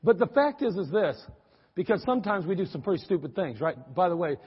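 A middle-aged man preaching a sermon, folksy and animated, with teasing asides to the congregation. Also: high-pitched, a little fast, husky. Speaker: pastor. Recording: dull, lo-fi audio with long church-hall reverb.

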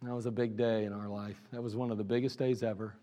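A man with an Ohio accent, a pastor telling his church's history in an anniversary sermon, animated and laughing at his own stories. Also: on the low side, fast talker. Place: church sanctuary. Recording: church service recording with long hall reverb.

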